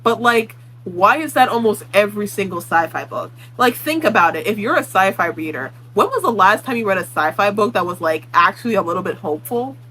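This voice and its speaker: A woman's voice: mid-range voice, lively intonation, brisk, few pauses, bright, forceful tone, husky, rough recording. A woman book vlogger ranting her opinions in casual talk, blunt and exasperated, swearing freely. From Puerto Rican.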